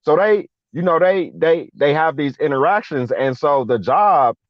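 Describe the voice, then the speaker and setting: A man's voice: on the high side, measured pace, dry recording. A man telling a long personal story in casual chat, slangy, acting out the people he quotes. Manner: animated, slangy, acts out quoted voices. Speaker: guest veteran. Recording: dull lo-fi dry sound.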